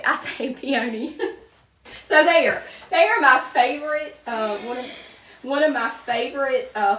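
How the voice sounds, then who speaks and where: She's a Southern woman hosting a crafting livestream, talking chatty and upbeat straight to her viewers. Her voice sits a touch high. The room is echoey, and the mic is set back from her. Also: bright, forceful tone, a little hiss or hum. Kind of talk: casual live chat while working. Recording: roomy, mic at a distance.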